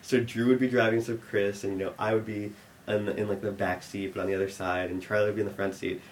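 A man's voice: on the low side, level tone, fast talker, a little hiss or hum. A young man telling a long funny story, rambling with many restarts and laughing at his own lines. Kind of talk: live storytelling.

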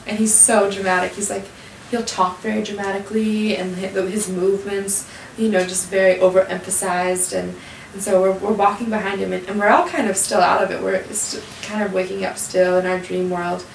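A young adult woman telling a story in a casual, animated way, full of "like" fillers, acting out the people she quotes. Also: medium pitch, brisk, gravelly, slight background noise. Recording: echoey room, mic at a distance.

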